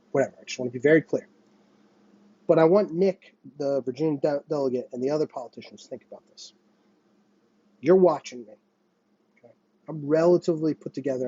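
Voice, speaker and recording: A man's voice: a little high, dark tone, husky, dry recording, muffled recording. A man in his thirties from the United States, hosting his channel with an agitated, profane monologue that circles back on itself. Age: 30s. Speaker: channel host. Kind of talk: ranting monologue to camera.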